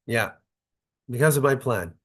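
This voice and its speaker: A man's voice: mid-range voice, expressive, a little slow. A rabbi teaching a Torah study class, reading short Hebrew phrases and explaining them in English, often checking in with his listeners. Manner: conversational, checks in with "right?" and "okay?". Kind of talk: Torah study lesson, reading verses and translating.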